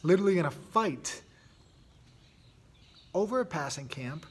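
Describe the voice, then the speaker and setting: A man's voice: on the high side, animated, unhurried, husky. A man hosting a podcast and coaching youth sports. He talks earnestly in a loose, casual monologue, restarting sentences and adding "right?" often.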